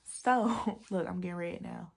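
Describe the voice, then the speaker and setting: Gravelly young woman telling a storytime. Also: fairly low pitch, unhurried. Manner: animated, laughs often, slangy and emphatic. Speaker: vlogger. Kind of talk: casual storytime chat. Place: home room at a desk.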